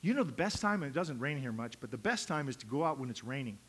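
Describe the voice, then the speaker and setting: A man's voice: medium pitch, animated, quick pace, fairly bright tone, slightly rough. A middle-aged male pastor preaching a sermon in a conversational, humorous way, acting out little quotes.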